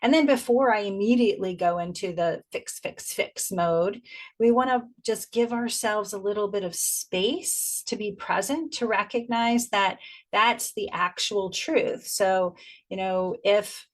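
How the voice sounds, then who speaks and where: A middle-aged woman giving a spiritual teaching in a gentle, reflective way, slowing down to stress key phrases. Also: mid-range voice.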